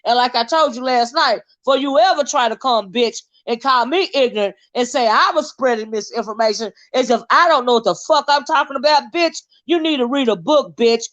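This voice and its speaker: An American woman hosting her own channel launches into an angry, profane monologue, confrontational and full of repeated insults. Her voice is a little high and a bit bright, coming fast with hardly any pauses. The highs in the recording are cut off.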